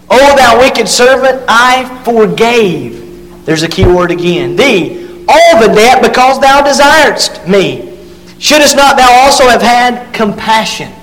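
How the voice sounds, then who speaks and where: A man preaching a sermon and reading scripture aloud, leaning hard on key words and drawing some of them out slowly. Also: high voice. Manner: emphatic, drawn-out stresses on key words. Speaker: pastor. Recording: long hall reverb.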